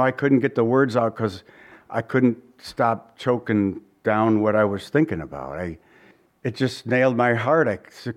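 Chatty preaching man, slightly high voice. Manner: conversational, asks the listeners questions; restarts often, chuckles now and then. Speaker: pastor. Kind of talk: sermon.

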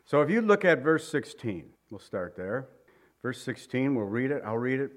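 A man's voice: medium pitch, animated, normal speed. A man preaching a sermon as pastor, reading scripture aloud, praying and talking to his congregation in an earnest, conversational way. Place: church room.

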